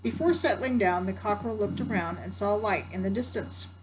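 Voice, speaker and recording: A woman's voice: mid-range voice, a little fast, background noise. Grandmother reading a storybook aloud. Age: older. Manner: warm chatty asides to the listener.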